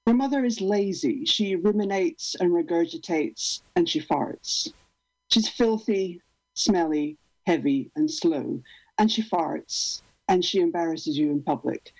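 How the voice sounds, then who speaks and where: A woman reading her own poem aloud in a deliberate, rhythmic way over a video call. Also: on the low side, a little mellow, no room sound, poor audio. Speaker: poet reading her work.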